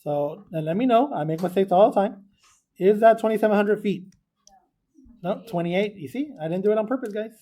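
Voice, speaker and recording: Speaking fairly quickly in a high, expressive, dark-toned voice, a male math teacher leads a chatty lesson in a classroom of students, recorded for video. He keeps asking the class questions and wandering onto tangents.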